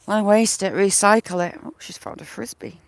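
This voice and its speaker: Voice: mid-range voice, moderate pace, creaky, clear, resonant tone, no room sound. A smallholder chatting casually on a live stream outdoors, talking to the animals and viewers with mild swearing. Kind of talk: casual live-stream chat while doing yard chores. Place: outdoors in a yard by a field. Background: birds and chickens.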